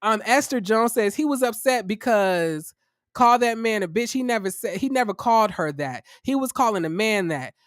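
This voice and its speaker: A man hosting a livestream review of a reality show, tired, talking casually to his viewers in a profane, incredulous, animated way. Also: high-pitched, moderate pace, no echo, studio quality. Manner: chatty, addresses viewers as y'all.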